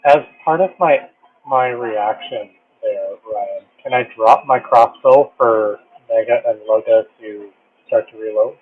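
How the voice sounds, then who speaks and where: A man playing a tabletop game, tossing in quick wry asides. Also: medium pitch, husky. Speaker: player. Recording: dull lo-fi mic.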